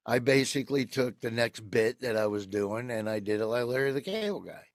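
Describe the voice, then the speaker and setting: Man, american comedian guest, lively storytelling, plays out the quotes, dry close sound. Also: medium pitch, brisk, dry recording. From United States. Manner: animated storyteller who acts out quoted people. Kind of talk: casual storytelling interview.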